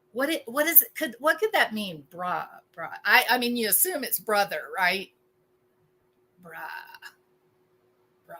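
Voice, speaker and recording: A woman in her forties hosting a casual livestream, animated and wry, laughing often as she reacts to chat. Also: mid-range voice. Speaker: host.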